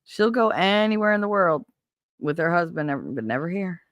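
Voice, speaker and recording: A woman's voice: lowish voice, lively intonation, normal speed, no echo, clean studio sound. A woman hosting a casual livestream from home, seated at her computer and talking candidly and emotionally to her viewers, rambling and swearing now and then. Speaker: livestream host. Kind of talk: casual chat with live viewers.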